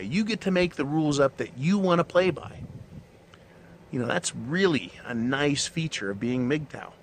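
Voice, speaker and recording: On his own show, a host with a fairly high-pitched voice rants in a mocking monologue that's blunt and full of profanity. A slight hiss or hum sits under the recording.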